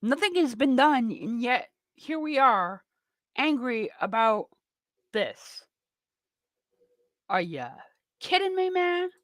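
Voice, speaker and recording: Woman radio host, sarcastic ranting monologue, fairly high voice, dry studio sound. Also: very animated, slow, long pauses, no echo. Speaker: radio talk show host. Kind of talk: political talk radio monologue.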